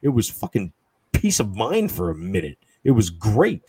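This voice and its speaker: A man in casual chat, swearing often and ranting with lots of fillers, his voice husky and close to the mic. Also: fairly low pitch, wildly swooping pitch, moderate pace, darkish tone, no room sound.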